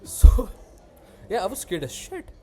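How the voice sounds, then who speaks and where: A man's voice: high voice, measured pace, soft background music. A young man hosting a podcast, telling a story in casual chat and acting out the voices of people in it. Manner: animated, acts out quoted voices.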